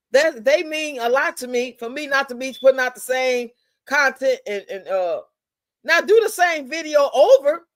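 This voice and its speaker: A woman's voice: high voice, no room sound. A woman hosting a live stream, chatting casually in a blunt, profane, drawling way.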